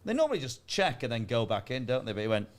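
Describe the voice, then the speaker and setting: A man's voice: mid-range voice, very animated, fast talker. A man in his forties, a comedian telling rambling stories in casual chat and laughing at himself. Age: 40s. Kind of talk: casual comic storytelling.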